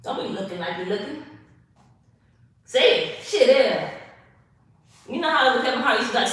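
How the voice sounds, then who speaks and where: A woman with a high, fairly bright voice talks at a fairly quick pace, picked up by a distant mic in a very echoey room. She's hosting a casual stretching livestream, chatty and sassy, speaking straight to her viewers and a bit out of breath from the effort.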